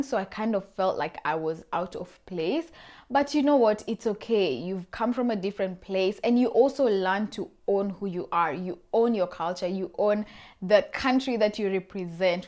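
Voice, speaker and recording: A woman's voice: medium pitch, a little mellow. Encouraging Kenyan-raised woman vlogger. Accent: Kenyan-Australian blend. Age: 20s. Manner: chatty and encouraging, addressing viewers directly. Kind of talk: casual advice vlog.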